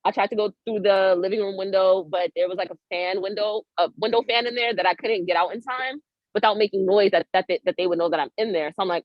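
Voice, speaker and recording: A woman's voice: medium pitch, steady tone, fast talker, no room sound. A woman guest on a podcast, telling a story casually with slang and acting out the voices of people in it. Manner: acts out quoted voices with big swings in tone. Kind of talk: animated storytelling in casual chat. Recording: dry, dull lo-fi audio.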